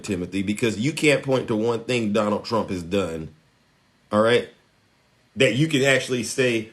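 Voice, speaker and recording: A man's voice: mid-range voice, fairly bright tone. A man giving a political monologue to his followers, emphatic and taunting, often tagging his points with a question. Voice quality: emphatic, repeats "all right?" as a tag. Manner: preachy, taunting. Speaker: social media commentator.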